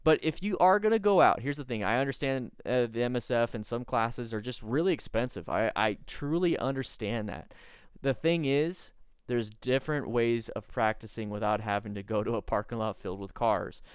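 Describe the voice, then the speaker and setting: A man talks through a riding mistake in casual video commentary, teaching like a coach who is trying hard not to laugh. His voice is smooth and resonant, and the sound is dry and close, with no room echo. His pitch sits in the middle range. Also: normal speed. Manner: earnest, instructive, stifling laughter.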